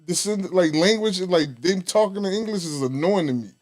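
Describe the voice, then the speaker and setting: A man's voice: sits high, brisk, a little mellow. A man hosting a podcast, talking loosely and jokingly. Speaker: podcast host. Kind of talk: casual chat.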